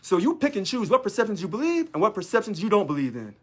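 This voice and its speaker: A man's voice: high voice, sing-song, fast, fairly bright tone. A man, a union local leader, talking in a sarcastic monologue full of rhetorical questions. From United States. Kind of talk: casual monologue video.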